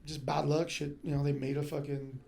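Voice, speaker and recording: A man from Fresno telling animated stories in casual podcast chat, swearing freely. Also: a little high, a little fast, creaky. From Fresno, California. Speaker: guest storyteller.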